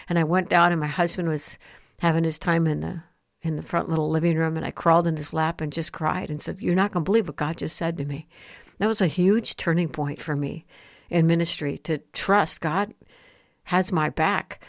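Low-voiced earnest woman telling testimony. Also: no room sound, clean studio sound. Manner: earnest, storytelling, slows for emphasis. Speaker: host and Christian speaker. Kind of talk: personal testimony, sermon-like.

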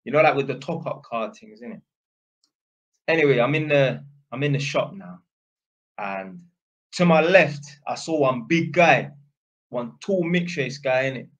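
A man's voice: medium pitch, animated, measured pace, long pauses, dull audio. A man vlogging, telling a story in a rambling, slangy way and tagging lines with "innit". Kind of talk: casual storytelling.

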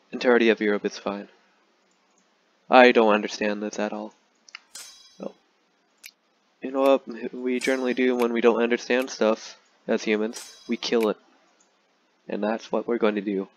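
A young man casually commenting on a strategy game he is playing, rambling and joking in a deadpan way with lots of fillers. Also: lowish voice, highs cut off. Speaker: gaming YouTuber.

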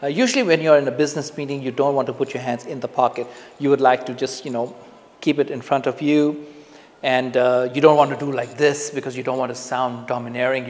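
A man teaching public speaking to the camera in a relaxed, conversational way, often repeating phrases for emphasis. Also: medium pitch, a little fast, in a large hall. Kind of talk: casual on-camera lesson. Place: indoors, filming himself on camera. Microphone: camera mic, speaking to camera.

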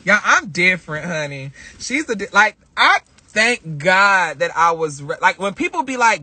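A man with a high, very lively voice talks casually on a livestream, leaning on repeated phrases for emphasis. His tone is bright with a husky edge. The sound is dry and close. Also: normal speed, hardly any pauses, no echo. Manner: animated, spiritual storytelling. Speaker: vlogger.

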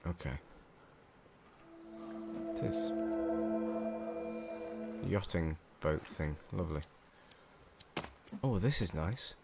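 A man's voice: deep voice, lively intonation, very slow, gravelly, pauses often, over music. A young English man commentating his game play from a small room at home, jumpy, panicky and swearing a lot. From England. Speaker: gamer.

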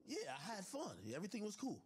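A man's voice: sits high, wildly swooping pitch, quick pace, breathy edge, voice pushed up, exaggerated voice. A man quoting a young woman in a slightly raised voice as she denies things and makes excuses. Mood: defensive. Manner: denying and making excuses. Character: young woman, evasive and defensive.

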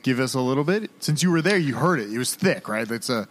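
A man's voice: medium pitch, expressive, fast talker, slight background noise. A man co-hosting a podcast, bantering casually and teasing his partner. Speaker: podcast co-host. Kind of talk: casual chat.

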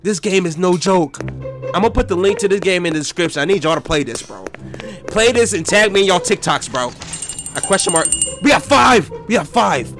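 High, excitable young man gaming. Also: a little fast, over music. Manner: jumpy and loud, yelling and trash-talking. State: out of breath. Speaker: gaming YouTuber. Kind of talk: excited horror game commentary.

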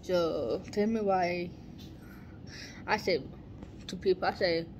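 A woman chatting casually in a daily vlog, animated and exclaiming, stretching out her words. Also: on the low side, slow pace, pauses often, slight background noise. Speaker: vlogger.

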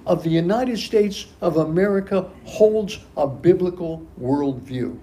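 A man's voice: fairly high pitch, animated, measured pace, hardly any pauses, warm tone. A man preaching a sermon as pastor of a church, emphatic and repeating key phrases for stress. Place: church sanctuary.

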